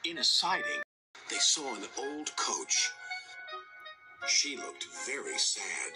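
A man narrating a children's train storybook in an expressive way. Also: medium pitch, takes it slowly, pauses often. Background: music.

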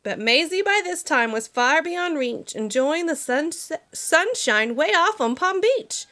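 Expressive woman reading a picture book. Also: sits high, unhurried. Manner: expressive, storytelling. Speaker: teacher.

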